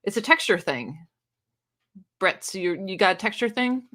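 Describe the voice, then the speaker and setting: A woman's voice: mid-range voice, lively intonation, normal speed, a bit bright. Giggly, chatty woman hosting a live stream. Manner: giggly, chatty, often laughs and restarts. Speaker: booktube live-stream host. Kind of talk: casual live-stream chat, reading comments aloud.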